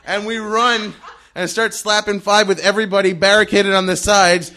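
Young male storyteller on stage, high bright voice, animated and breathless. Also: moderate pace. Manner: animated, breathless, laughing through his story. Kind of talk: live storytelling.

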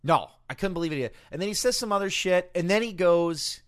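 A man's voice: high voice, animated, fast talker. A man co-hosting a casual podcast, laughing often and retelling what someone said in a mock voice. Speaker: podcast co-host. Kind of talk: casual chat.

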